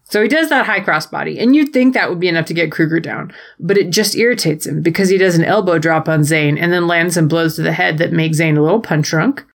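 A woman's voice: fairly low pitch, fast talker, creaky, few pauses. A woman co-hosting a podcast, recapping wrestling matches in a playful, jokey way with goofy quoted voices. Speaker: podcast co-host. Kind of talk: casual wrestling recap chat.

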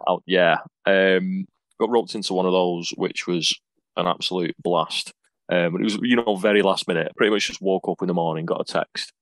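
A man's voice: low-pitched, fairly even intonation, moderate pace, a bit bright, no room sound. A man from England, a wrestler telling stories in a casual podcast interview, rambling and self-deprecating with many ums. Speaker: wrestler guest.

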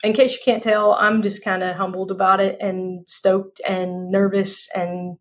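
A woman's voice: mid-range voice, level tone, measured pace. Emphatic woman, folksy guest. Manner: folksy, emphatic, repeats phrases for effect. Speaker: podcast guest, speaker. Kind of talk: casual interview chat.

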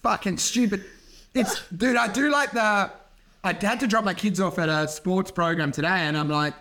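A man's voice: high voice, moderate pace, sharp tone. A man, co-hosting a podcast with rambling, crude banter and acted-out voices. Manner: rambling, crude, acts out voices while laughing. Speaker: podcast co-host.

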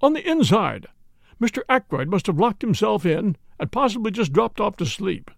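A man's voice: high voice, sing-song, normal speed, vocal fry, no room sound, clean studio sound, pitched above the performer's own voice, full character voice. A man voicing an anxious, deferential butler who speaks formally and politely in an audiobook reading.

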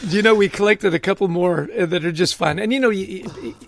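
A middle-aged man, a guest author in a conversational podcast interview, telling animated stories and acting out quotes. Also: high-pitched, quick pace, gravelly, crowd noise. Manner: animated storyteller, acts out quotes, laughs often.

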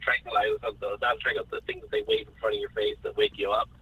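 A man's voice: lowish voice, wildly swooping pitch, racing, bright, forceful tone, husky, rough recording. A man in a casual podcast chat, enthusiastic and often repeating words while he searches for what to say.

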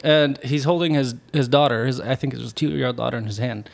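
A man's voice: medium pitch, quick pace, vocal fry. A man casually telling a long story on a podcast, rambling with restarts and laughing at his own story.

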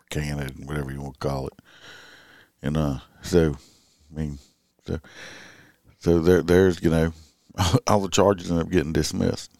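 A man's voice: very deep voice, fairly even intonation, a little slow, vocal fry, pauses often, darkish tone, no room sound, clean studio sound. A middle-aged man, a police officer talking in a casual, rambling late-night monologue full of fillers and restarts.

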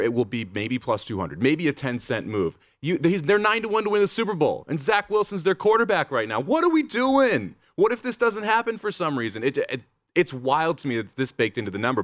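A man's voice: medium pitch, fairly bright tone, no room sound, studio quality. A man co-hosting a sports betting show, talking casually and emphatically. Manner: emphatic, rising into exasperated questions. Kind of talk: casual sports radio banter.

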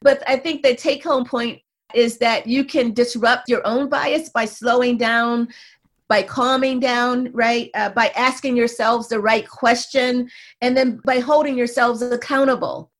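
Higher-voiced woman explaining as an interview guest. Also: fairly even intonation, a little slow. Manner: explains at length, often tagging points with "right?" and "you know". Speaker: guest researcher and author; mother.

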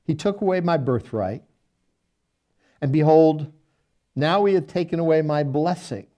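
A man's voice: a little high, expressive, a little slow, dark tone. A man, a pastor, teaching a Bible study who reads scripture aloud and then retells it in folksy everyday speech.

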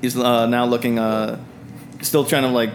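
A man's voice: mid-range voice, level tone, normal speed, reverberant, a little hiss or hum. A man narrating a tabletop game as game master, rambling and hesitant with frequent fillers.

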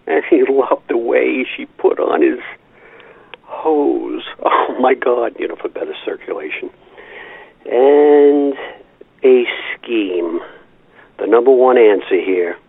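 A man's voice: lowish voice, gravelly, husky, dry recording. An older man leaving a rambling, nostalgic voicemail, chuckling as he tells his stories. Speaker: caller. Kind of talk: voicemail storytelling. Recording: tinny phone-line voicemail.

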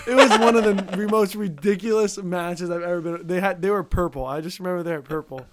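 A man's voice: high-pitched, moderate pace. A young man co-hosting a casual chat, rambling and laughing as he tells stories.

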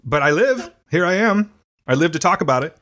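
A man's voice: sits high, lively intonation, fairly quick, fairly bright tone. A man co-hosting a podcast, talking through a voice processing effect in a jokey, playfully theatrical casual chat. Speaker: podcast co-host.

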